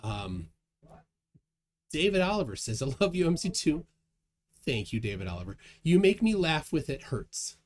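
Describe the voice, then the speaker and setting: Animated man hosting a livestream chat. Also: a little high, normal speed, pauses often. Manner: lively, chuckling, reads chat aloud. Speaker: livestream host. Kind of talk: casual livestream chat reading viewer comments.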